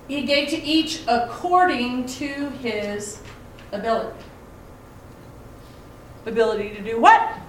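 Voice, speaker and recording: A woman's voice: on the high side, takes it slowly, pauses often, slight background noise. A middle-aged woman leads a conversational Bible lesson, asking her listeners pointed rhetorical questions and telling family anecdotes. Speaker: Bible study teacher. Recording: echoey room, mic at a distance.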